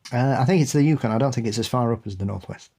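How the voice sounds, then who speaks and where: A man's voice: medium pitch, very fast, mellow. A man with a British accent co-hosting a podcast in easygoing, casual chat, starting often with a hesitant "uh". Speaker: podcast co-host.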